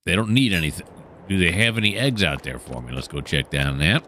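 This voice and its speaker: Low-voiced man, middle-aged, casual game commentary, very lively pitch, soft hiss underneath. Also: a little fast. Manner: rambling self-talk, chatting to the game animals. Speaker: gaming channel host.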